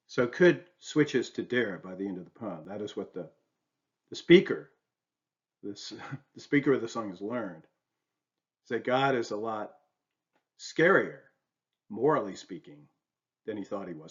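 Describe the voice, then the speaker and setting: A man's voice: on the low side, expressive, normal speed, highs cut off. A man giving a recorded university lecture on poetry, talking it through with many rhetorical questions and "right?" checks. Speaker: literature lecturer.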